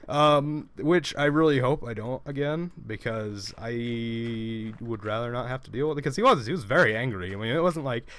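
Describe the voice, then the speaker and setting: A man's voice: medium pitch, moderate pace, hardly any pauses, fairly bright tone. Rambling man telling a gaming story. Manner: rambling, frequent restarts and stammered repeats. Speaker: let's play host. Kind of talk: casual storytelling while gaming.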